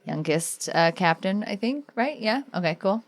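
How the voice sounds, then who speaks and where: A woman co-hosting a podcast in casual chat, animated, laughing often and acting out characters' lines. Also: medium pitch, moderate pace. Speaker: podcast co-host.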